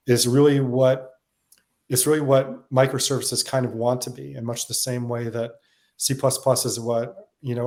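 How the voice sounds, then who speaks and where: A man being interviewed as a guest on software, reflective and casual, with lots of "like" and "you know" fillers. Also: mid-range voice. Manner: quick, filler-heavy, reflective.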